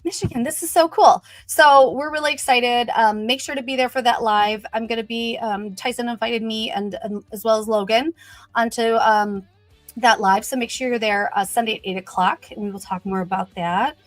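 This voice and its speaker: A woman's voice: fairly high pitch, fairly even intonation, moderate pace, no echo, soft background music. A woman hosting a casual livestream, greeting viewers and chatting upbeat with lots of "you know" fillers. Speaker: host of a brand livestream.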